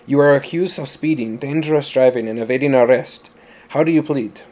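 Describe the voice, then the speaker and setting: A man voicing a stern, heavily accented courtroom prosecutor who presses with accusing questions, in a dark, mellow voice. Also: mid-range voice, brisk, natural voice.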